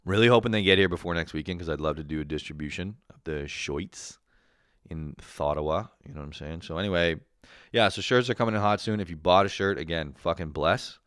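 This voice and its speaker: A man's voice: low voice, brisk, a bit bright, no echo, clean studio sound. A man in his thirties, a drunk podcast host, ranting in a profane, sarcastic casual way. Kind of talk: casual comedic rant.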